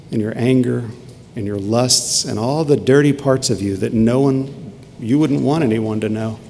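A man preaching a sermon as a pastor, earnest, dropping to a hush and then rising to emphatic peaks. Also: medium pitch, creaky, big-room sound, slight background noise.

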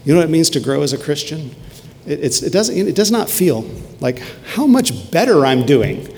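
An earnest male pastor delivers a sermon, his voice swinging between hushed, intimate passages and sharply emphatic peaks. He is in a hall with a long reverb trailing his words. A faint room ambience sits underneath. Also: a little high, sing-song, moderate pace, slight background noise.

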